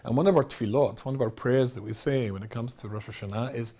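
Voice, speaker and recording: A man's voice: medium pitch, quick pace, hardly any pauses, warm tone, slightly rough. A middle-aged man, a rabbi, giving a humorous storytelling talk in a wry, self-mocking way, often laughing at his own jokes.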